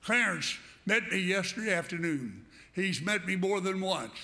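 A man's voice: high voice, lively intonation, normal speed, bright, forceful tone. A man preaching a sermon to a congregation, fervent and direct, repeating phrases for emphasis.

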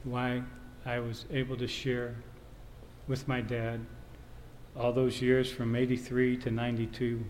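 A man's voice: mid-range voice, monotone, a little slow, darkish tone. A man preaching a sermon, telling a family story and quoting scripture in an earnest way. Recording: reverberant hall, faint background noise.

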